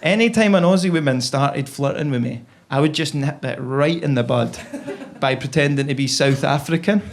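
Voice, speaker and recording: A man's voice: on the high side, moderate pace. A man doing chatty stand-up, checking in with the audience. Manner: chatty, tag questions. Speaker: stand-up comedian. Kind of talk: stand-up comedy. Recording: loud background noise.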